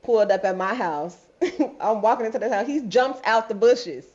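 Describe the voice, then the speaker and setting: A woman co-hosts a podcast and tells candid, lively stories, laughing as she goes. Her pitch sits in the middle range, and the recording is dull and lo-fi. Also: normal speed. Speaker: podcast co-host. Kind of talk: casual chat, storytelling.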